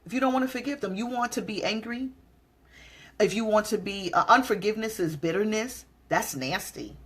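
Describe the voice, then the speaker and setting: A woman's voice: brisk, a bit bright, husky. A middle-aged woman giving an emphatic motivational talk, drawing out key words and jumping into quoted voices. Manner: acts out quoted voices with sudden pitch jumps. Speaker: motivational speaker.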